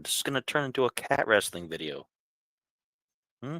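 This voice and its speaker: A man's voice: mid-range voice, big pitch swings, moderate pace, long pauses, bright, forceful tone, dry recording. A man hosting a casual live question stream from home, chatting and talking to his cat. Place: home, on a couch.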